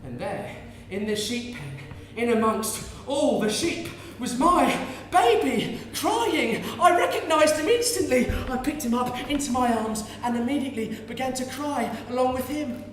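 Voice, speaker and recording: In a big theatre hall, heard from afar through an echoing stage mic, a man with a very high-pitched, expressive voice becomes a frantic young peasant mother holding her infant. He speaks a little slowly and barely pauses, cooing tenderly and fervently before breaking into yelled curses.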